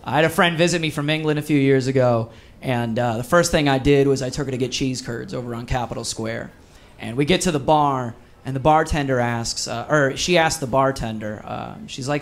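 An upbeat male stand-up comedian from Wisconsin tells a story during a live comedy set, his mid-range voice moving a little fast. He narrates with animated energy and acts out character voices while the audience laughs in the background.

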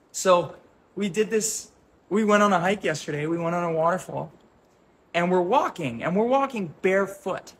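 A man, a holistic health coach, talking casually to a group and telling an animated story, acting out voices and gestures. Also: high-pitched, slight background noise.

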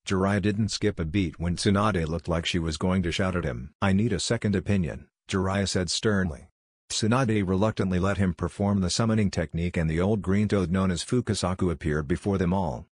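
A man narrating a fan-fiction story aloud in an even, unhurried reading. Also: low voice, dry recording.

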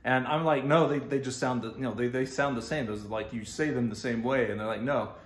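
A man's voice: medium pitch, fairly even intonation, a little fast, echoey room. A man with a Texan accent telling a personal story casually, rambling with lots of fillers and restarts and laughing often. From Texas.

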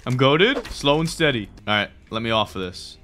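A man's voice: mid-range voice, moderate pace. A young man giving playful, jokey commentary while playing a video game with a friend. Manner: jokey, excitable, frequent exclamations. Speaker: gaming YouTuber. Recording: faint game music behind.

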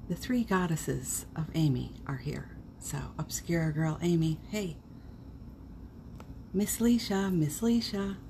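A middle-aged woman chats through a morning live stream, greeting each viewer by name with gushing warmth. Her voice sits low and she talks at a slow, drawn-out pace. A faint hum of noise sits behind her. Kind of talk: casual live-stream chat.

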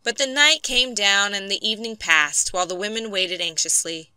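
Woman storyteller, very bright tone, smooth crisp voice, dry close sound. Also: medium pitch, no echo. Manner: clear, measured storytelling. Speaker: narrator. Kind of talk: audiobook storytelling for English learners.

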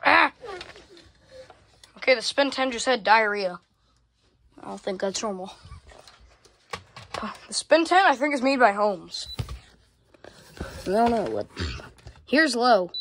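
A woman's voice: fairly high pitch, expressive, takes it slowly, pauses often. A woman casually narrating a home vlog while fumbling with gear and cursing often, recorded on a phone. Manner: rambling, swears a lot, fumbles with gear. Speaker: fan collector vlogger. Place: home room. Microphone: phone camera. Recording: phone video with loud fan noise behind.

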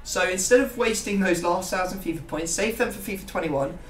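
Young man, casual gaming chatter, rambling, higher voice, roomy echo, set back from mic. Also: brisk, a bit bright, recorded from a distance, faint music behind. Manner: rambling, self-mocking banter. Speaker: YouTube gaming host.

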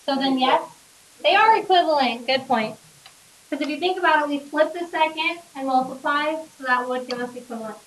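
High-voiced woman teaching math in class. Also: brisk, reverberant. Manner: questioning, coaxing students step by step. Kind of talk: classroom lecture. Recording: distant classroom recording.

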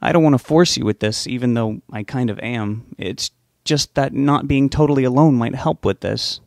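A man's voice: medium pitch, moderate pace, vocal fry, darkish tone, no room sound, studio quality, lightly acted. A man reading an audiobook, voicing an anxious, stubborn young man who talks in an earnest, pleading way. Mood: reassuring. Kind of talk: audiobook character voice.

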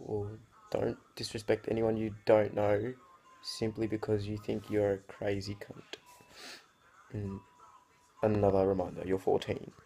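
A man's voice: fairly low pitch, creaky, warm tone. A teenage man, ranting casually to camera in a sweary, rambling way. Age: teens. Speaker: vlogger.

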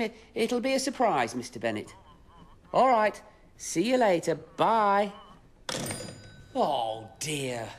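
A man's voice: high-pitched, full character voice. A man playing a cheerful, fussy engine driver in a children's show, talking to viewers with exaggerated expression. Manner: exaggerated, chatty, addresses viewers. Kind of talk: children's TV acting.

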